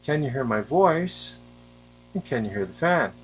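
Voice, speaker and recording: Indoors with a fan on, a man reviews a wireless handheld mic and asks the viewer in plain terms whether they can hear him and the fan. He sounds expressive, medium-pitched, and speaks at normal speed. The recording is rough, with a faint fan hum.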